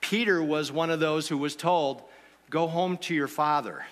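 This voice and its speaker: Man, pastor, conversational sermon, rhetorical questions, slightly high, bright voice, long hall reverb. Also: normal speed.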